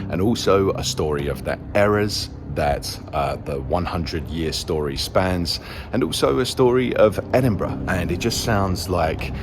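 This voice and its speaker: A man's voice: low-pitched, background noise. A man narrating a book travel vlog outdoors in a city, chatty and playful. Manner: chatty, playful, enthusiastic storyteller. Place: outdoors in a quiet city street at dawn.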